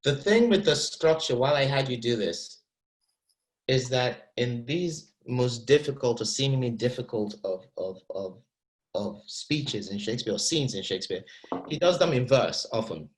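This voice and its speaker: A man coaching actors through verse in a masterclass, animated and encouraging. He often repeats a word while searching for the next thought, and his voice sits at an ordinary middle pitch. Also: normal speed, low-quality recording. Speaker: acting teacher.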